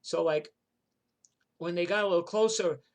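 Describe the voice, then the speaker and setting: Older New man, slightly high voice, rambling profane storyteller. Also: moderate pace. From New York. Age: 60s. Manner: rambling and profane, full of "like" and "you know". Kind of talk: casual spoken memoir.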